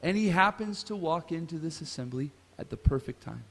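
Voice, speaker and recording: Male class speaker, somewhat high voice, storytelling scripture class, long hall reverb. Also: lively intonation, brisk, creaky, a bit bright, slightly rough. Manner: asks the audience questions. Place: temple hall.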